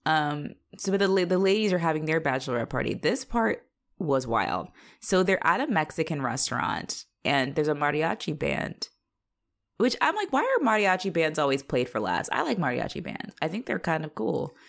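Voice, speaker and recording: A woman with a low, sing-song voice and vocal fry talks at a normal pace. Co-hosting a casual rewatch podcast, she recaps a TV episode, swearing freely while acting out the characters' lines.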